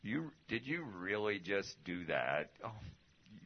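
A preacher voicing a fatherly, gently amused male God, speaking in a hushed, affectionate, teasing way, on a dull lo-fi recording. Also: lowish voice, big pitch swings, unhurried, voice pushed down, full character voice.

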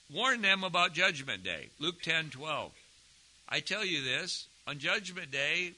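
A man's voice: on the high side, bright, forceful tone, low-quality recording. A middle-aged man, a pastor preaching a conversational sermon full of questions to his congregation.

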